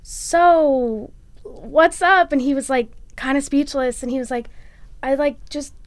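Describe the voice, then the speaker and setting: A woman's voice: high voice, measured pace, no echo. A young woman and college student, chatting animatedly through a personal story for a podcast, with lots of "like". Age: young adult. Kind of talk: storytelling interview.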